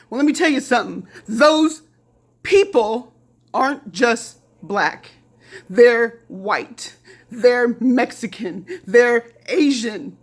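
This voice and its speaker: A woman's voice: on the high side, slow pace. A middle-aged woman from Indiana delivering a heated, profane rant straight to the camera, repeating lines and mocking others in quoted voices. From Lafayette, Indiana. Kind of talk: angry direct-to-camera rant.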